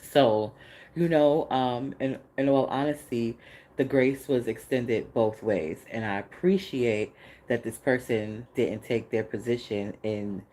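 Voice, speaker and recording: A woman's voice: extremely low pitch, slow pace, dark tone, rough recording. A woman hosting a podcast, speaking candidly in a casual spiritual monologue, laughing often and swearing freely. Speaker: podcast host.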